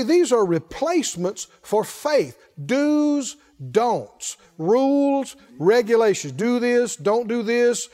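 Male pastor, high voice, emphatic sermon, call-and-response, shouted refrains.

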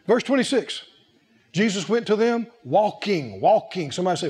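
A man preaching a sermon in an animated, humorous way, laughing often and calling out to the congregation. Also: high-pitched, normal speed, breathy edge.

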